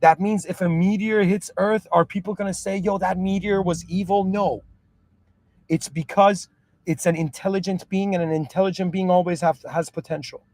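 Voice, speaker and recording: Casting: earnest man, slightly high voice, reflective monologue, frequent restarts, dry mic. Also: fairly even intonation, normal speed, a little mellow, no echo. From moved to Canada at seven. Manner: earnest, restarts often, asks "do you understand?". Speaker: podcast host.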